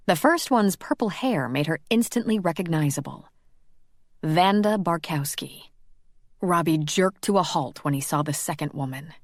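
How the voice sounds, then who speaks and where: This is scripted audiobook narration of a paranormal romance by a woman whose voice leans low. She tells the story evenly and deliberately, in a clean, dry studio recording.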